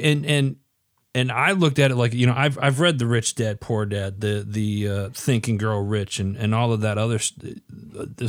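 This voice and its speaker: A man's voice: mid-range voice, no room sound, studio quality. A man co-hosting a casual chat, earnest and rambling as he argues his point. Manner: earnest, rambling, pushes back. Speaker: podcast co-host.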